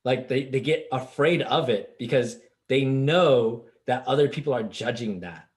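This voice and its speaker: A man's voice: medium pitch, moderate pace. A man discussing ideas on a podcast, trailing off and hunting for words. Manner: hesitant, many fillers and restarts. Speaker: podcast co-host. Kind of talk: casual discussion.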